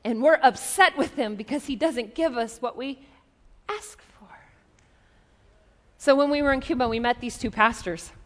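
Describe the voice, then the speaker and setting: High-voiced woman preaching in a hall. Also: moderate pace, long pauses, slight background noise. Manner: conversational, lively storytelling with asides. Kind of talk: sermon storytelling. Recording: long reverb of a large hall.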